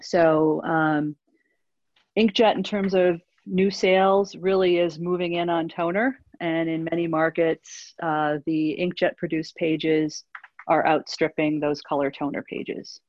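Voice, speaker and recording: A woman's voice: sits low, level tone, unhurried, a little mellow. A woman answering audience questions in a webinar, hesitant, with many fillers and restarts. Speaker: industry analyst answering questions. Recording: dull lo-fi webinar audio.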